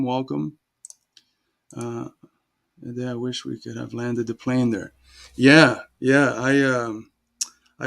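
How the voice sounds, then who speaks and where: A man's voice: medium pitch, gravelly. A man hosting a casual livestream, greeting viewers from the chat by name one after another and then explaining a holiday. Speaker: livestream host.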